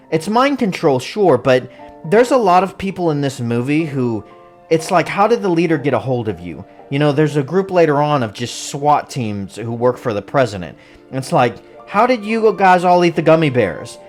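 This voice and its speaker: Over soft music, a film reviewer gives a loose, joke-packed recap that spoils the plot, laughing frequently along the way. The voice is mid-range, very animated, and at a normal pace.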